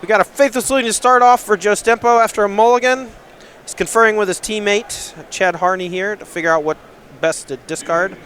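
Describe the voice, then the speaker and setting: A man co-commentating at a card game event, teasing with deadpan jokes in casual banter. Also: high-pitched, fairly quick, slight background noise.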